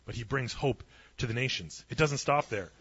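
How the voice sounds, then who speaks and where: A man's voice: medium pitch, animated, normal speed, vocal fry, a bit bright, breathy edge, highs cut off. A man preaching a sermon, retelling a story with humorous asides and acting out the voices in it. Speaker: pastor.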